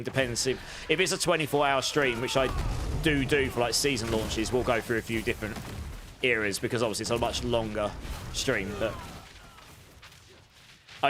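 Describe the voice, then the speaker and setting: A man's voice: mid-range voice, a bit bright, a little hiss or hum. An English man chatting casually with his viewers during a live game stream, rambling and answering chat as he plays. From England.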